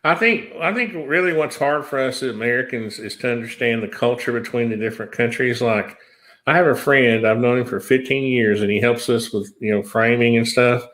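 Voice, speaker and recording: A man speaking earnestly and in a measured way on a video call, often restarting his sentences. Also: medium pitch, fairly bright tone, poor audio. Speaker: panel guest. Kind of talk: casual chat.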